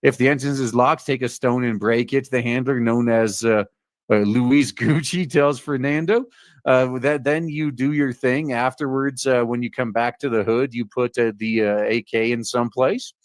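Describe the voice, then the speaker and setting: A man hosts a casual commentary show, reading articles aloud with frequent "uh"s and dry sarcastic remarks. His voice sits at a middling pitch. The sound is dry and close, with no room echo. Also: steady tone, normal speed. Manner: reads aloud with many "uh" fillers and sarcastic asides. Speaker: host reading news stories.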